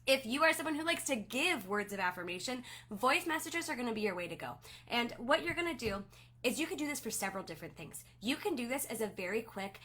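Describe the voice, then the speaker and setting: Woman sales team leader, fairly high and bright voice, upbeat encouraging coaching talk. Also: animated, fast.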